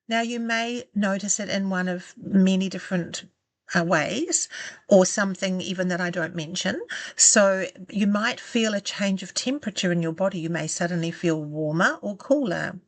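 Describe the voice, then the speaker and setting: A woman coaching self-love, giving calm, gentle and encouraging step-by-step guidance that slows down for the exercises. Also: medium pitch, no room sound. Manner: calm, gentle and encouraging, slowing down for guided steps. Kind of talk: guided self-help instruction.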